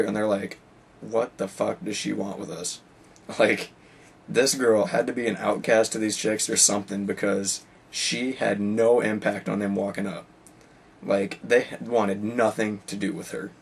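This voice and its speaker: A teenage boy rambles through a story from his school day. He says "like" and "you know" constantly. His voice sits low and a little husky, and it comes from some way off the mic. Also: distant mic. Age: teens. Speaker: high school student. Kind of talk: casual storytelling.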